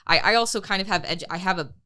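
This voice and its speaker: A woman's voice: on the low side, very fast, pushed and bright. A young woman co-hosting a podcast, telling a race story casually, acting out her own quotes and swearing freely. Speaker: podcast co-host. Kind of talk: casual chat.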